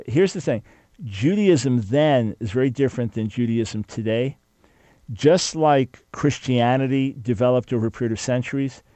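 A man's voice: mid-range voice, warm tone, no room sound. A man hosting a call-in radio show, explaining his points to a caller in an earnest, emphatic teaching tone. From Jewish follower of Jesus.

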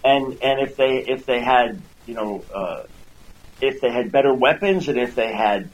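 A man's voice: mid-range voice, measured pace, slight background noise, rough recording. A man hosting a radio talk show, earnestly teaching listeners and repeating words as he builds each point. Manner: acts out quoted speech in a raised voice. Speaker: radio host and Christian apologist.

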